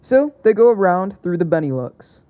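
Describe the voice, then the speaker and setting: A man's voice: high voice, very animated, normal speed, warm tone, clean tone, muffled recording. A young man narrating an alternate-history map video in a casual, hesitant way, often correcting himself as he goes. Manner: hesitant, self-correcting, chatty.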